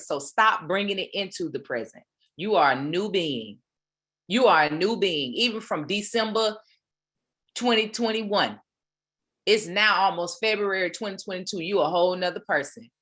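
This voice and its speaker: A woman with a bright, pushed, mid-range voice runs a weekly online motivation session from home. Her motivational talk is preachy and playful, full of casual Black American slang.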